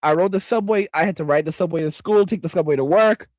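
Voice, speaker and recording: New guy streaming, high voice, dry sound, cussing and rambling through chat comments. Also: fast, darkish tone, no echo. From New York. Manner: profane, rambling, emphatic repetition. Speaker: livestream host. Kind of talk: casual livestream chat reading comments.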